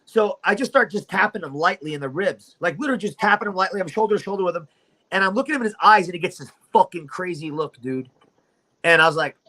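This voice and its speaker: Swaggering high-voiced man telling fight stories. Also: sharp tone, poor audio. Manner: profane, swaggering storyteller. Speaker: guest fighter and storyteller. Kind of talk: animated fight story on a livestream.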